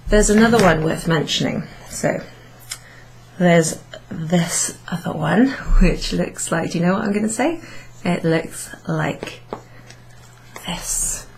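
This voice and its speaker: Slow, patient woman teaching French basics. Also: lowish voice, gravelly, a little hiss or hum, rough recording. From Wales. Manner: patient, step-by-step explaining with many ums and rhetorical questions. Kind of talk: classroom summary lesson.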